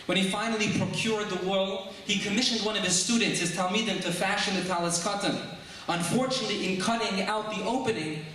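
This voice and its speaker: A man preaching a sermon as a rabbi, telling stories and posing rhetorical questions with measured emphasis. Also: sits high, a bit bright, slight background noise. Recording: echoey hall, mic far off.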